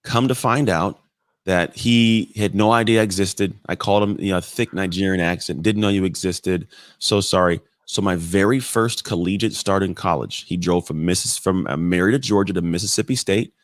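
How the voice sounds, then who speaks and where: Deep-voiced man telling stories bluntly. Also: fairly quick, no room sound, studio quality. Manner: animated, blunt, swears casually. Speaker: podcast guest. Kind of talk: casual storytelling in conversation.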